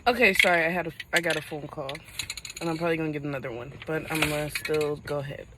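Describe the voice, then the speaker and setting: A young woman vlogging to camera, telling a painful personal story in a halting voice as she fights back tears. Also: low voice, steady tone, very noisy.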